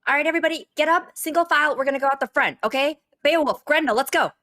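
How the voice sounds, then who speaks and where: A woman playing her character in a tabletop game, talking in a flustered, rushed way. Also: no echo, clean studio sound. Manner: flustered, high and lively. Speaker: player.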